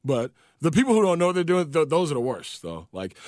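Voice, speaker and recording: Man, casual co-host, slightly high voice, dry close mic, animated storyteller who swears. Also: a little fast, few pauses, no room sound. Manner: animated storyteller, swears freely, acts out quotes. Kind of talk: casual chat.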